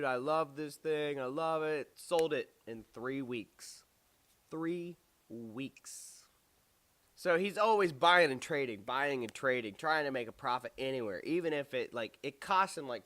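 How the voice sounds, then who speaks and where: Young male storyteller, smooth resonant voice, medium pitch, animated, casual. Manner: animated, quotes others in quick put-on voices. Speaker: storyteller vlogger.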